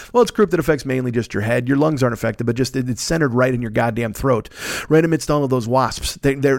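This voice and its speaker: A man's voice: medium pitch, gravelly, no echo, clean studio sound. A man in his fifties getting over a cold, riffing in a profane, rambling comic monologue as the host of his own show. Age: 50s. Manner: rambling, crude and animated, jumps into mocking voices. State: recovering from a cold, phlegmy. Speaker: podcast host.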